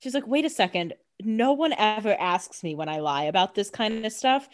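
A woman's voice: mid-range voice, expressive, normal speed. A young adult woman co-hosting a casual chat, adding wry, jokey asides with some swearing. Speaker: podcast co-host.

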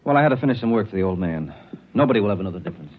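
An actor playing a brisk, matter-of-fact army colonel and father in a 1940s radio drama, a little off-mic on a lo-fi recording. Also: lowish voice, expressive.

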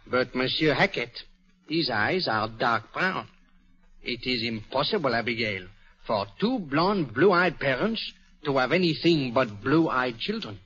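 A man's voice: mid-range voice, expressive, unhurried, a bit bright. An actor playing a fussy, courteous Belgian detective with a French accent, who sprinkles French words into his speech, in 1940s radio acting. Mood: inquisitive, polite. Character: fussy, polite middle-aged Belgian male detective. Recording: dull old radio broadcast.

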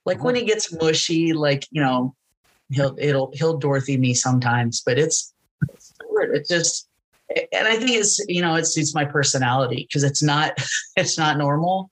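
A middle-aged woman talking casually in an interview, animated and self-mocking. She laughs often and slips into quoted voices as she tells a story. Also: deep voice, normal speed, poor audio. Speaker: interview guest, wrestling announcer. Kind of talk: casual chat.

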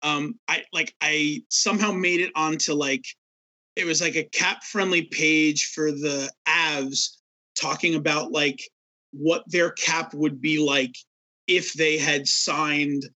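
A man's voice: fairly high pitch, fairly even intonation, takes it slowly, bright, forceful tone, low-quality recording. A man co-hosting a podcast, telling a long self-mocking story in loose casual chat. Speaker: podcast co-host.

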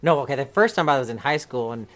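A woman's voice: very deep voice, expressive, fast talker, soft background music. A woman from the American South hosting a podcast, chatting in a rambling, casual way and swearing now and then. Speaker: podcast host. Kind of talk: casual chat.

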